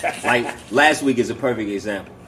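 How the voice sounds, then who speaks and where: A man co-hosting a podcast, telling family stories in an animated way. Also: fairly low pitch, a little fast, a loud crowd. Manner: animated storyteller. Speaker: podcast co-host. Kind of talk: casual storytelling. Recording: faint background noise.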